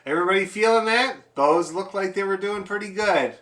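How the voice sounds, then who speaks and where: A man's voice: high-pitched, fairly quick, a bit bright. A man teaching an online fiddle lesson over a video call, encouraging and chatty, explaining and demonstrating as he talks.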